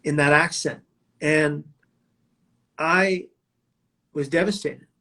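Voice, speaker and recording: A man's voice: a little high, takes it slowly, sharp tone. Intense man telling his own story. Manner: vivid, dramatic storytelling with emphatic quotes. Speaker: suicide prevention speaker. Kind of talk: personal storytelling talk.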